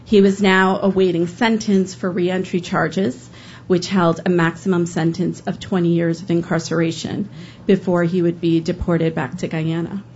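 A woman who works as a public defender, telling a personal story on stage in an earnest, halting way with fillers. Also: on the low side, flat delivery, a little mellow. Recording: dull lo-fi with faint noise.

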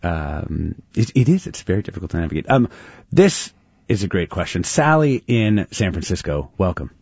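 A man's voice: deep voice, very animated, normal speed, vocal fry, a little mellow, husky, no echo, highs cut off. A man hosting a radio call-in show who talks animatedly, laughs easily and trails off mid-sentence. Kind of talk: casual radio chat.

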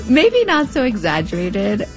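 A woman in her thirties with a Mexican border accent, narrating in a wry, conversational way with playful asides. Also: a little high. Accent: Mexican border (fronterizo) English. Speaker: host. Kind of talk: scripted narration. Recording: slightly muffled with faint music underneath.

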